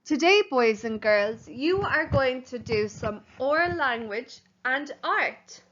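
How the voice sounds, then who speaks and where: A woman primary school teacher giving a home learning lesson, spelling words out slowly letter by letter. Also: high voice, fairly bright tone, muffled recording.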